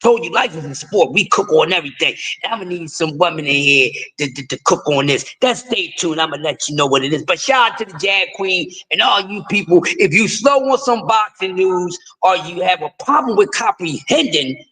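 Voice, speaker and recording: Raspy middle-aged man, high and bright. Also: expressive, brisk, few pauses, rough recording. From East Coast of the United States. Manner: rambling, repeats words, jokey and loose. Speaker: live-stream sports host. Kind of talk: casual sports talk live stream.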